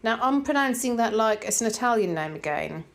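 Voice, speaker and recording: A woman's voice: on the high side, animated, a little fast. Woman, Norfolk accent, middle-aged, casual vlog chat, rambling, filler words. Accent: Norfolk English. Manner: chatty and rambling, with frequent "like" and "um". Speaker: decluttering vlogger reading viewer comments. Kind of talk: casual chat, reading comments aloud.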